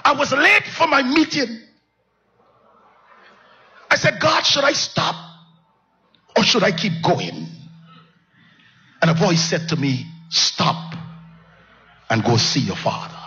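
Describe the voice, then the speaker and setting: Impassioned slow-preaching man, muffled. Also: sing-song. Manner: impassioned preacher, swinging from low hush to high cries. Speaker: pastor. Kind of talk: sermon. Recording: dull lo-fi sound.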